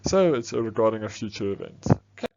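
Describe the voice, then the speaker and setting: Fast-talking man teaching business studies. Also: on the low side, big pitch swings, creaky, darkish tone, muffled recording. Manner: quick, chatty explaining with frequent "okay"s. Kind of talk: exam revision lesson.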